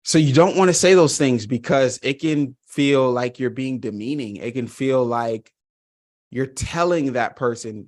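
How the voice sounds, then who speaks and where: A man's voice: mid-range voice, moderate pace, darkish tone. Earnest male trainer leading an online session. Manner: earnest, emphatic, addresses listeners directly.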